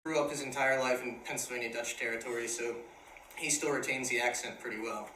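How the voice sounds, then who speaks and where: A man's voice: medium pitch, fairly even intonation, brisk, bright, forceful tone, slight background noise. A man interviewing a guest, asking brief casual questions. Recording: echoey room from far off.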